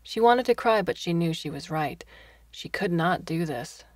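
A woman reading a story aloud in a soft, near-whispered style. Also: on the low side, animated, moderate pace, no echo, studio quality. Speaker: story reader. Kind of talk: scripted narration.

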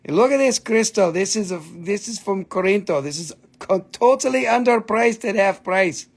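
A man's voice: high voice, expressive, moderate pace, breathy edge. A man hosting a live rock and mineral sale, chatting casually, joking, swearing and laughing often while slipping into funny accents. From Appalachian Valley, United States. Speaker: host selling rocks and minerals on a live stream. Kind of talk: casual live-stream sales chat.

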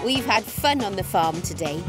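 A woman's voice: medium pitch, expressive, normal speed, over loud music. A woman presenting a preschool show and reading a story aloud in an encouraging, sing-song way.

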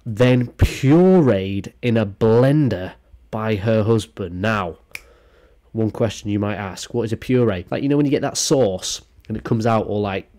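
A young man with a low, mellow voice reads a news article aloud and riffs on it. His commentary is casual and rambling, full of sarcastic asides and crude humor. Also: normal speed. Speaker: youtuber commenting on a news story.

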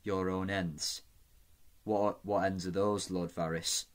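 A man's voice: sits low, level tone, slow. A man reading a weary imprisoned lord. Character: weary imprisoned noble lord, grim and honourable.

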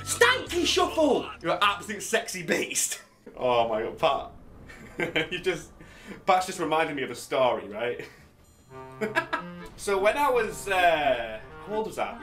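Loud swearing young gamer. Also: male voice, fairly high pitch, measured pace, recorded from a distance, soft background music. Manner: loud, excitable, swearing, shouting often. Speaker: gaming YouTuber. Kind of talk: casual gameplay commentary.

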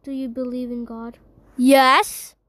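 A woman's voice: sits high, slow pace, fairly bright tone. A woman playing a game, reading its survey questions aloud and answering them in a playful, jokingly spooked way. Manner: jokingly spooked, sometimes puts on a scary voice. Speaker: gamer. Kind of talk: casual gameplay commentary.

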